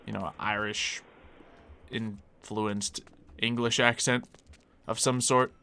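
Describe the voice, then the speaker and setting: A man's voice: lowish voice, little pitch movement, slow, pushed and bright, clear, resonant tone. A man streaming a game live, chatting casually and answering viewers as he plays. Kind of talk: casual live-stream chat while gaming.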